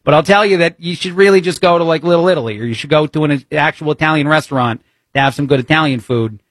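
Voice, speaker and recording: A man from New Jersey with an accent from there, filling in as a talk radio host. His voice sits a touch high and sounds dry and close. He holds forth in a wry, opinionated way, loose and chatty. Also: quick pace, a bit bright, dry recording. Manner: opinionated and wry, conversational with frequent uh fillers.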